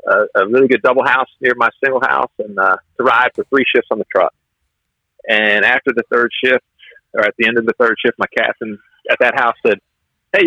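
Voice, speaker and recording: A man's voice: mid-range voice, dry recording, lo-fi sound. A man who is a fire officer, telling stories in a conversational interview and acting out the lines of the people in them. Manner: animated storyteller who acts out quotes.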